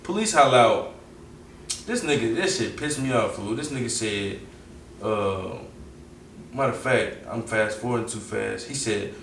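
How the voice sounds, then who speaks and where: A young man with a Southern US accent, telling a story casually as an interview guest, animated and full of slang, acting out the quotes. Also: lowish voice, moderate pace, vocal fry, recorded from a distance. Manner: animated, acts out quotes, heavy slang and profanity. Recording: roomy echo, off-mic, faint background noise.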